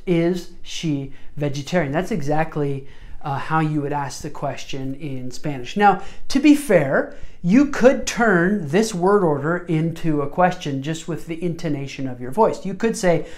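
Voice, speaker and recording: A woman's voice: deep voice, darkish tone. A woman teaching medical Spanish word order, mixing Spanish words into her English and often checking in with "okay?".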